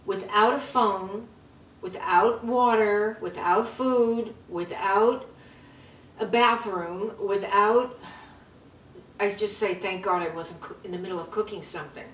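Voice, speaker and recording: A woman's voice: medium pitch, takes it slowly, fairly bright tone. Chatty older woman, roomy and distant. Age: 70s. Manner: chatty, repeats words, laughs nervously. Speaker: vlog host. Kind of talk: casual storytelling. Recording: roomy sound from a distance, faint noise.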